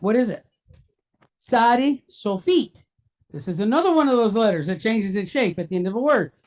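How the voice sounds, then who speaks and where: A man's voice: high voice, darkish tone. A man teaching a classroom lesson, patiently sounding words out syllable by syllable and checking in often with his students. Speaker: Hebrew teacher.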